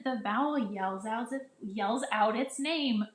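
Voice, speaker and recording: A woman's voice: a little high, lively intonation, slow pace. A woman teacher explaining phonics to other teachers in a casual, chatty way, often restarting sentences and sounding out vowels the way she would for children. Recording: echoey room.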